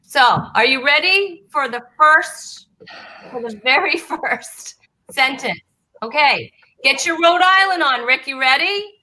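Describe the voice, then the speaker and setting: Slow, bright-voiced woman host. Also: high voice, animated, a little hiss or hum, poor audio. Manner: halting, lots of "uh" and restarts, playful. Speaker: comedy talk show host. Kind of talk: hosting a comedy talk show.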